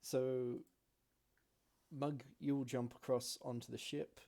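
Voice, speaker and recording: Game master, casual tabletop narration, mellow tone, easygoing. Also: mid-range voice, flat delivery, slow.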